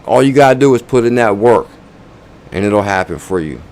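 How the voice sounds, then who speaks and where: A man's voice: on the low side, expressive, fairly quick, a little mellow. A man hosting a crypto channel, chatting loosely with viewers, counting down names and urging likes and comments. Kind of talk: casual livestream chat.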